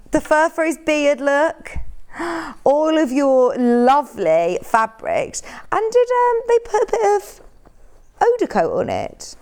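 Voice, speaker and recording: A woman's voice: fairly high pitch, darkish tone. A woman presenting products on a live shopping channel, chatty and upbeat, full of tag questions. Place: TV studio.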